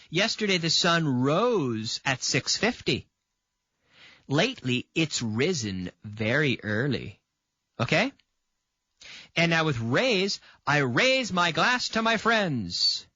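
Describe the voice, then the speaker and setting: A man's voice: medium pitch, bright, forceful tone, dry recording, highs cut off. A man from Canada teaching an English grammar lesson on video. He repeats example sentences and checks in with the viewer by asking "okay?".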